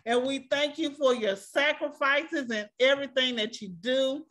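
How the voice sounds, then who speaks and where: A woman's voice: sits high, unhurried, fairly bright tone. A woman hosting an online school assembly over a video call, thanking each person by name with frequent religious praise phrases. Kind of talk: warm emotional assembly hosting.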